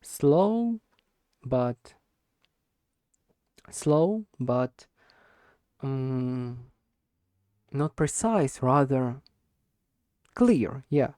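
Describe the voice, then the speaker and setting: A man practicing spoken English in an unscripted monologue, talking slowly and hesitantly, repeating and restarting words as he searches for them. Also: medium pitch, a little mellow, no room sound, clean studio sound. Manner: deliberately slow with stressed words. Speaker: English learner recording speaking practice.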